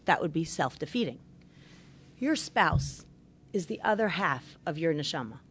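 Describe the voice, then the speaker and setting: In an expressive, low-sitting voice with a breathy edge, a middle-aged marriage therapist teaches about marriage from a religious perspective. Her talk is earnest and moderately paced, with key points given gentle stress.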